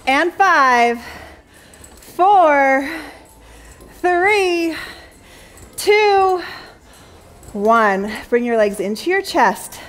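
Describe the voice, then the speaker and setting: A woman's voice: high-pitched, animated, extremely slow, long pauses, a bit bright. A young adult woman teaching a Pilates jump board class, counting reps and cheering, a little out of breath. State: slightly out of breath. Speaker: Pilates instructor. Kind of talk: fitness class cueing.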